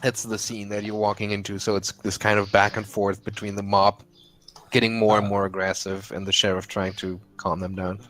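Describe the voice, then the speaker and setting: A man's voice: fairly low pitch, flat delivery, normal speed, a bit bright, slight background noise. A man narrating as game master of a tabletop game, talking hesitantly with many fillers.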